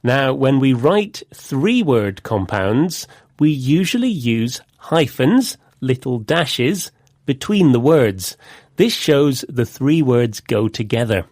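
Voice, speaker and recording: A man co-presenting an English vocabulary lesson, explaining words in clear, measured scripted dialogue with a close studio mic. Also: mid-range voice, big pitch swings, darkish tone, no room sound.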